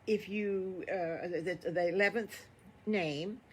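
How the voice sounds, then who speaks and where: A woman's voice: fairly low pitch, takes it slowly. Older woman doing a folksy rambling shopkeeper in a storybook tale; faint background hum. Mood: eager. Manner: chatty, rambling. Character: kindly older male hardware store owner.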